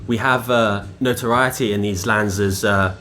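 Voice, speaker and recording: A man speaking in character as a player in a tabletop role-playing game, halting and hesitant, with many fillers. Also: on the low side, steady tone, sharp tone, soft background music.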